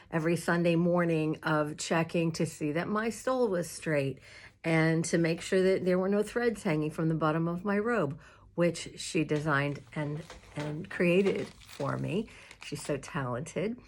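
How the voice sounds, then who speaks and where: Low, slow-speaking woman minister. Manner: warm, chatty, emotional, with many fillers and laughs. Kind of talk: casual advice talk to clergy. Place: home room with a squeaky chair.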